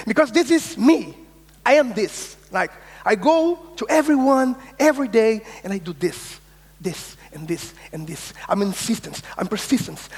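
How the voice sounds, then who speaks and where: High-voiced man keynoting in a reverberant hall. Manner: energetic, insistent, swears, acts out quoted voices. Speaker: keynote speaker. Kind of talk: conference keynote talk. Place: large conference hall.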